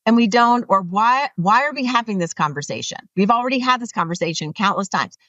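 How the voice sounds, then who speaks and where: A woman author being interviewed, talking earnestly and animatedly, often rising in pitch to make a point. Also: expressive, brisk, fairly bright tone, no room sound, recorded from a distance, highs cut off. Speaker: author guest. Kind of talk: interview conversation.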